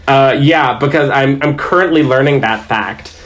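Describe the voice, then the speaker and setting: A man's voice: mid-range voice, moderate pace, a bit bright. A man and dungeon master chatting as a podcast guest, telling stories in a rambling, self-amused way. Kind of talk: casual chat.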